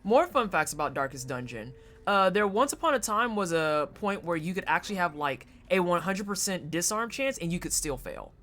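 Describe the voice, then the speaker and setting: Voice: sing-song, normal speed, bright, forceful tone, slight background noise. A streamer giving casual, profane commentary while playing a game and chatting with viewers. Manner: profane, chatty, jumps into high-pitched silly voices.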